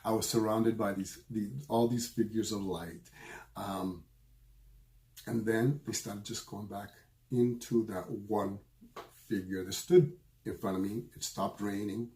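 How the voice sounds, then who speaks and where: A middle-aged man, a spiritual medium, telling a personal story in an earnest, emotional way, often halting and repeating his phrases. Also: fairly low pitch, fairly even intonation, a little mellow.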